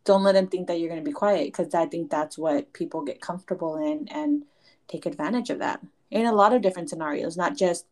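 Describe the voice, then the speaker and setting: A woman's voice: on the low side, expressive, fairly quick, darkish tone. A woman talking reflectively and a little hesitantly in a casual chat.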